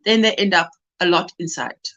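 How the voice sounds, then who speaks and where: A woman's voice: lowish voice, fairly quick, fairly bright tone, lo-fi sound. A woman from South Africa hosting a casual livestream, reading viewer comments and weather reports aloud and greeting people by name. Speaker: livestream host.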